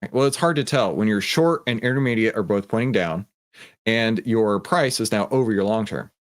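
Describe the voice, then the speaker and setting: A man's voice: lowish voice, moderate pace. A man with a Texan accent hosting a casual live-stream about stock trading, chatting with viewers and greeting them by name with many fillers. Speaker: livestream host of a trading room.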